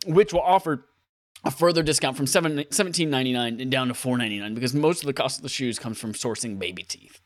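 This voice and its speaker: A man co-hosting a comedy podcast, doing silly mock ad reads and breaking into high-pitched laughter. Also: a little fast, fairly bright tone, no room sound, clean studio sound. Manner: goofy, bursts into laughter and high squeals. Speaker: podcast co-host.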